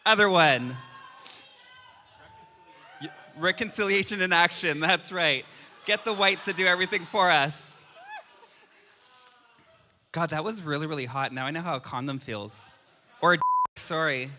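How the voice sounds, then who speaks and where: A man's voice: a little high, a little slow, long pauses, bright, forceful tone, a little hiss or hum. A man of about forty, a drag performer, joking campily and bawdily from a live stage at her own roast. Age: turning forty. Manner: campy, bawdy, self-mocking, giggling. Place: live comedy venue with audience. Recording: hall reverb of a live venue.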